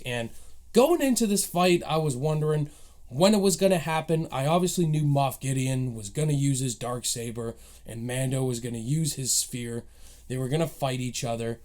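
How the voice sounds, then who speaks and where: A man's voice: on the high side, a little mellow. A man giving a casual spoken review of a TV episode, recapping plot beats with eager, emotional enthusiasm. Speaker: movie reviewer.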